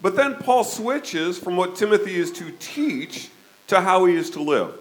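A man in his fifties preaching a conversational sermon, often checking in with his listeners with a quick "okay?". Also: sits high, big pitch swings, poor audio. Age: 50s. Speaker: pastor.

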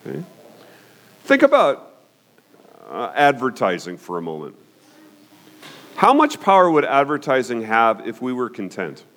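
Man, Bible study teacher, conversational, animated pitch, keeps asking "okay?". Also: measured pace, long pauses. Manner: conversational, frequent "okay?" check-ins.

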